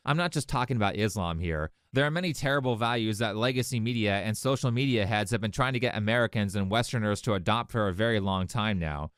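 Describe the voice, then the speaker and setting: A man's voice: fairly low pitch, fast, few pauses, fairly bright tone, smooth, no room sound, clean studio sound. A man delivering scripted opinion commentary in a sarcastic, lecturing way. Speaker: video commentator.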